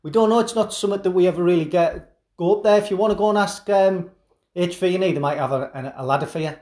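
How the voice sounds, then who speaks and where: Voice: medium pitch, fast, close to an everyday voice. Man doing a weary, dismissive office colleague. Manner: hesitant, flat and dismissive. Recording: roomy echoing room.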